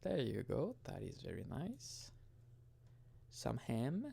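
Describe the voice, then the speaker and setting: A man's voice: mid-range voice, wildly swooping pitch, slow, vocal fry, dark tone, slightly rough. A young man giving rambling, casual gameplay commentary, often restarting and swearing casually. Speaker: gaming video host.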